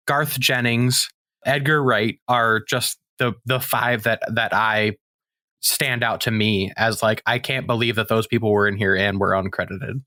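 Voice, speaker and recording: A man's voice: mid-range voice, bright, forceful tone, no echo. A man co-hosting a podcast, chatting casually and enthusiastically. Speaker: podcast co-host. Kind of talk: casual chat.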